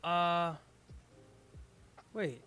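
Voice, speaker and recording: A man's voice: high voice, drawn-out words, pushed and bright, smooth. A man in casual call-in chat, hesitant and unsure, stalling as he talks.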